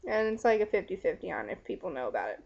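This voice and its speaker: A woman's voice: fairly low pitch, very animated, racing, gravelly. A young woman talking frankly and casually to a friend in a video letter, giggling and filling her talk with "like". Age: young adult. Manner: chatty, frank, giggly, lots of "like" fillers. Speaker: vlogger. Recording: dull lo-fi webcam audio.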